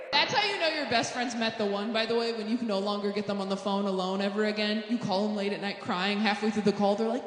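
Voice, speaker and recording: A woman performing a stand-up comedy set in a theater, animated, breaking into shouted character bits. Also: fairly high pitch, a little fast. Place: theater stage before an audience. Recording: echoey hall with long reverb.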